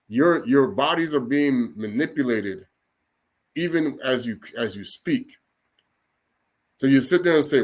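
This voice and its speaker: A man's voice: medium pitch, expressive, moderate pace, darkish tone. A man giving an informal spoken sermon in a rambling, colloquial way, with frequent restarts and "okay?" checks. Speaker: religious teacher.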